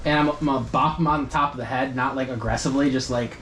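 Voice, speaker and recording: A man playing a tabletop game, playfully describing his character's moves. His voice sits at a middling pitch. The room is echoey, with faint noise behind him. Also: fairly even intonation, quick pace, a bit bright, recorded from a distance. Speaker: player. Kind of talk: casual chat in a tabletop game.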